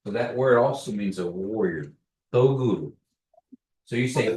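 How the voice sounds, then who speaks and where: A man teaching a language class, patiently repeating words slowly for learners. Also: lowish voice, darkish tone. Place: classroom, echoey room. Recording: echoey room, distant mic.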